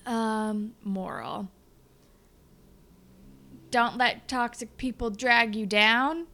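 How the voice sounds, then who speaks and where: Gravelly young woman podcast co-host. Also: fairly high pitch. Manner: animated, acts out characters' lines in quick voices. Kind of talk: casual recap chat.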